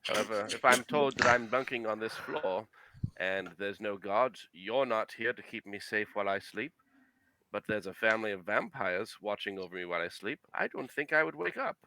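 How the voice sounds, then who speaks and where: A man's voice: on the low side, normal speed, bright, forceful tone, rough recording. A man playing a tabletop game, arguing his character's case with indignation. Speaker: player. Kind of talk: in-character tabletop role-play.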